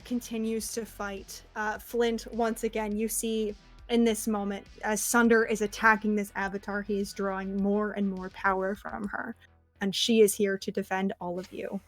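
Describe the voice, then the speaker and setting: A woman's voice: mid-range voice, little pitch movement, moderate pace, faint music behind. A woman game master narrating a tabletop game with vivid description and frequent fillers.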